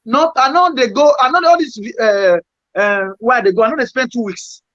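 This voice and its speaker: Man, very high voice, Nigerian Pidgin accent, halting rambling talk, dull dry lo-fi sound. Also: bright, forceful tone, dry recording. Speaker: guest musician. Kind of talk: casual storytelling in Pidgin.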